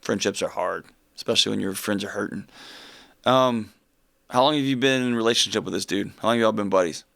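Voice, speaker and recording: Male call-in host, gravelly texture, dry close mic, jokey but warm-hearted. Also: lowish voice, fast, no room sound. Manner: joking, then calm and caring. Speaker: radio show host. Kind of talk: call-in advice show.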